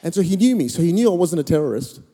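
A middle-aged Australian preacher with a high voice tells stories from the pulpit, acting out conversations and rising to shouted exhortations. His voice rings through a large hall with a long, echoing reverb. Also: racing, slight background noise. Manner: animated, acts out dialogue, shouts exhortations. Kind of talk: storytelling sermon.

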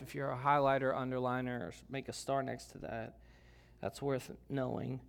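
A man's voice: mid-range voice, level tone, normal speed, gravelly, clear, resonant tone. A man preaching a sermon, reading scripture aloud and adding emphatic, conversational asides. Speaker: pastor.

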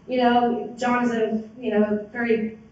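A woman's voice: fairly high pitch, level tone, unhurried, darkish tone, a little hiss or hum. A woman sponsor giving a personal recovery testimony at a meeting, talking casually and rambling with many fillers. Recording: very echoey hall, voice from far off, dull sound.

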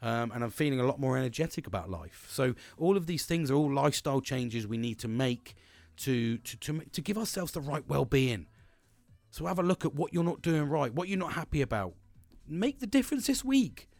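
A man's voice: mid-range voice, sing-song, brisk, a little mellow, no echo, faint music behind. A man in his thirties hosting a solo motivational podcast, talking energetically, rambling and swearing often. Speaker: podcast host.

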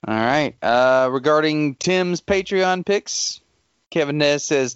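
Guy hosting a podcast, reads out messages and laughs a lot, smooth voice, dry dull mic. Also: a little high, takes it slowly, dry recording. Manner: laughs often while reading messages. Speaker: podcast host reading listener feedback. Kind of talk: casual chat.

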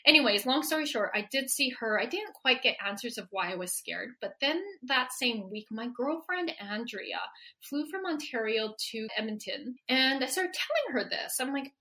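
This is a woman in her forties chatting as a guest about her work as a healer. Her voice sits a little high and sounds bright and clear. She talks in an animated way, laughs easily and slips into little voices when quoting people. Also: normal speed. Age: 40s. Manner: animated, laughs often, acts out quoted dialogue. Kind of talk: casual interview conversation.

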